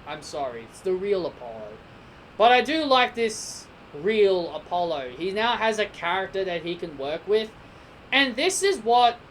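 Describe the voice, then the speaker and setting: A woman's voice: fairly high pitch, a little hiss or hum, rough recording. Rambling woman reviewing a wrestling show. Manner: rambling and opinionated, with frequent restarts. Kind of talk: casual spoken review.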